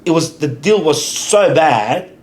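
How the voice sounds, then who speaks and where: A man's voice: on the high side, animated, takes it slowly, darkish tone, a little hiss or hum. A middle-aged man hosting a podcast, talking casually and emphatically, often repeating his agreement. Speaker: podcast host. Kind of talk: casual interview chat.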